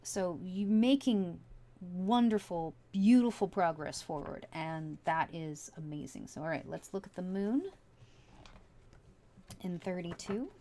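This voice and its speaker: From home, a woman reads tarot casually, her fairly low voice warm and measured. She muses aloud as she turns over each card, chatty and full of likes and you-knows. A little hiss or hum sits under the recording.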